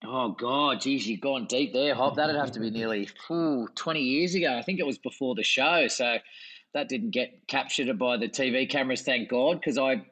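An Australian man, a lifeguard guest, recounting a rescue in relaxed, self-deprecating casual chat. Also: medium pitch, normal speed, poor audio.

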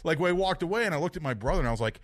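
A man co-hosting a podcast, telling stories in a casual chat, animated and quick to laugh. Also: on the high side, a little hiss or hum. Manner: animated storytelling, laughs often. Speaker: podcast co-host.

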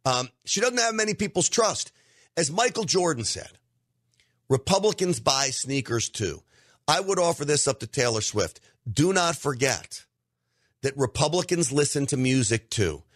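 A man's voice: on the high side, lively intonation, moderate pace, no echo. Middle-aged guy ranting on his podcast, emphatic, dry close mic. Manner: emphatic, talks straight to listeners. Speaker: podcast host. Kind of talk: opinion commentary monologue.

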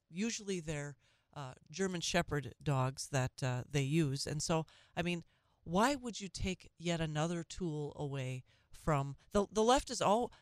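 Talk radio host, earnest and opinionated, stammers and restarts, mid-pitched, dry close sound. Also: no echo.

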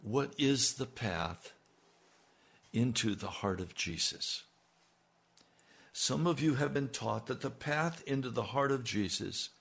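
A man's voice: lowish voice, gravelly, fairly bright tone, breathy edge. A man preaching a sermon, asking his listeners pointed rhetorical questions and building to emphatic peaks.

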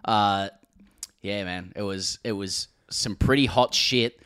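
A man's voice: lowish voice, slow pace, fairly bright tone, smooth. An Australian man co-hosting a casual cricket podcast, rambling with frequent laughs, restarts and swearing. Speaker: podcast co-host.

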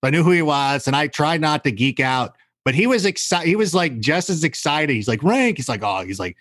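A man telling stories in casual podcast chat, animated and acting out the voices of the people in them. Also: fairly high pitch, brisk, no room sound, studio quality. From California. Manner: animated storyteller, acts out quoted voices. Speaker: guest.

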